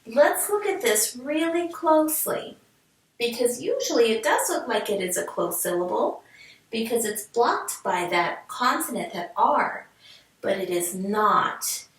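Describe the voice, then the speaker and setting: Woman, upbeat phonics teacher, unhurried and lively, a little high, recorded from a distance with room echo. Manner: slow, clear, sounding words out syllable by syllable; cheerful and encouraging, speaking to young learners. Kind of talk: recorded remote reading lesson for children. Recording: echoey room, mic at a distance.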